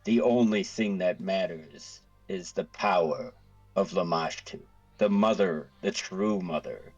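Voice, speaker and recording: A man's voice: low-pitched, husky, lo-fi sound, soft background music, full character voice. A man voicing a venomous young fanatic woman. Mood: scornful. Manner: slow, venomous declarations. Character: young woman zealot, hateful fanatical cultist.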